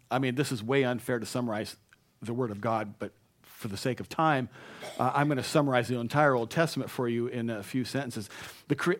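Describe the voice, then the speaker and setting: A man's voice: medium pitch, fairly bright tone. Man preaching a conversational sermon. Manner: conversational, with repeated restarts and rising emphatic bursts. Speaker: pastor.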